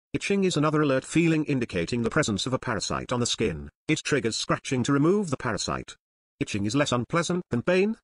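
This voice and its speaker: Husky man narrating dryly. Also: medium pitch, no room sound. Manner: dry explanatory tone, as if an outsider lecturing. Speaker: narrator of an educational series. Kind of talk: scripted deadpan comic narration.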